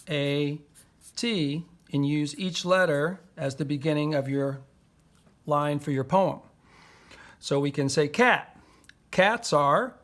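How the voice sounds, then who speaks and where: Slow, patient man teaching poetry. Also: fairly high pitch, fairly bright tone. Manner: patient, slowly sounding out words and syllables. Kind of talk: poetry lesson for young children.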